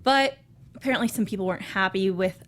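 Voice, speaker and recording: A woman's voice: mid-range voice, quick pace. A woman guest in a casual chat, talking enthusiastically with frequent restarts. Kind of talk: casual chat about a TV show.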